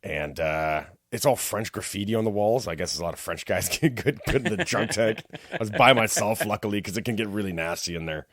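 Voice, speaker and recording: A man with a low voice spins a rowdy story in relaxed podcast chat. He swears freely and jumps into the voices of the people he quotes. The sound is dry and close, with no room around it. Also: brisk, no room sound. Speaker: podcast co-host.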